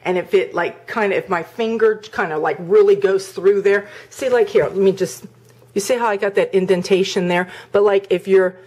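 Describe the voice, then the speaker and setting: A woman's voice: medium pitch, fairly even intonation, normal speed, a little mellow. Middle-aged woman, home cooking vlogger, loose and rambling, lots of fillers, demonstrating as she talks. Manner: chatty and rambling, full of "like" and "um"; demonstrates with hands while talking. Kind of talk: casual cooking vlog chat.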